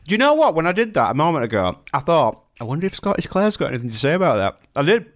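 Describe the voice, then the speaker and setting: A man's voice: on the high side, very animated, rapid-fire. A man co-hosting a casual podcast, joking and teasing his co-hosts. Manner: jokey, teasing banter. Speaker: podcast co-host.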